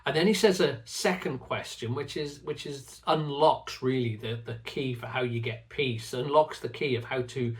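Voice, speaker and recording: Speaking to his channel's viewers, a middle-aged faith teacher reflects earnestly on faith and trust at normal speed, hardly pausing. His voice is of ordinary middle pitch, and he often repeats a word as he begins a phrase, in a reflective, teaching way.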